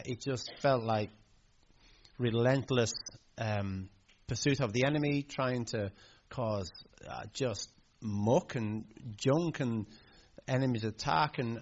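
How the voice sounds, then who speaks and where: A man's voice: mid-range voice, muffled recording. A man preaching a sermon, telling a family story in a heartfelt way with hesitant fillers. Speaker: pastor.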